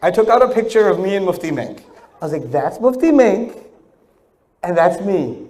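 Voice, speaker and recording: A man speaker telling funny stories in a lecture, animated and acting out the people he quotes. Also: sits high, moderate pace, rough recording. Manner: animated, acts out quoted voices. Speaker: Islamic speaker. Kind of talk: humorous lecture storytelling.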